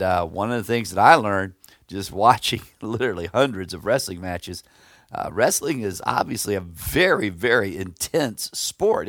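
A man's voice: fairly low pitch, no room sound. Earnest preaching man, dry close sound. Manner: earnest, emphatic preaching with folksy asides. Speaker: pastor. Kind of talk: devotional sermon.

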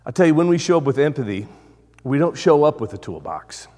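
A man preaching a sermon as pastor, moving from loud emphatic phrases to hushed, slow ones and repeating words for weight. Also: on the high side, big pitch swings, big-room sound.

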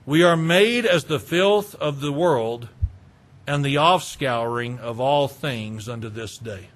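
A male preacher delivering an expository sermon, slow and emphatic, stacking repeated phrases. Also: mid-range voice, fairly bright tone.

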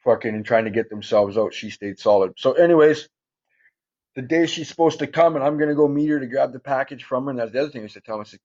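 A man's voice: mid-range voice, fast talker, a little mellow. Profane man telling stories, dull audio. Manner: profane, street slang, rambling with fillers. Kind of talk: casual storytelling.

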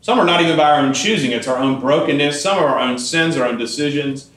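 A Catholic priest giving a homily, telling a personal story in a relaxed, conversational way with occasional fillers. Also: male voice, on the high side, fast talker, echoey room.

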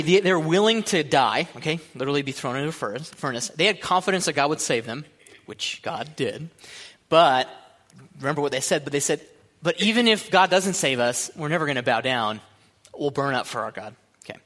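Young male pastor, animated and joking, bright forceful voice a touch high, long hall echo. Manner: animated, joking, bursts into shouts and laughter. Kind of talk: sermon. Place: church hall.

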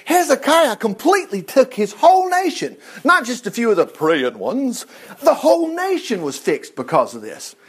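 High-voiced, animated preacher man. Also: normal speed, slightly rough. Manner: animated, rambling, chatty asides while flipping through scripture; exclaims "praise the Lord". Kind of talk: Bible teaching sermon.

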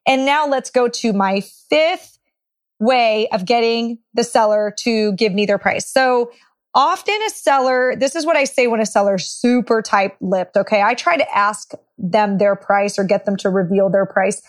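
Woman, fairly high voice, relaxed coaching delivery, acts out sample lines. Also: measured pace. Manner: conversational, non-confrontational, acts out sample phrases. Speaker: real estate investor teaching seller scripts. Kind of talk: instructional talk with role-played lines.

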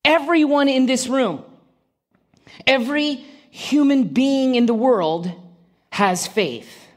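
A woman delivers a sermon at a slow, deliberate pace, her voice sitting a little high. She preaches conversationally, putting direct questions to the congregation. She drops dry, humorous asides along the way. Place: church room with a congregation.

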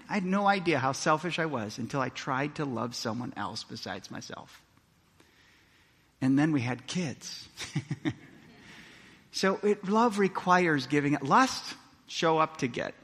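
A pastor from Milwaukee preaching a sermon in a church, moving from quiet earnest tones to loud, excited storytelling. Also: male voice, a little high, unhurried, husky. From Milwaukee, Wisconsin. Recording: reverberant church hall.

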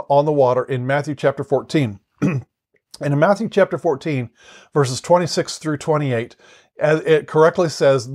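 A man's voice: fairly high pitch, darkish tone. A man teaching the Bible in an earnest, conversational way, often restarting and repeating words as he explains.

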